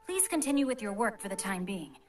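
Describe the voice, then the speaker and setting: A woman's voice: medium pitch, very animated, fairly quick, distant mic, soft background music, natural voice. Brief: woman doing a refined young male heir, formal and polite, in a game; roomy, faraway sound. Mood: courteous. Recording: echoey game audio under streamer mic.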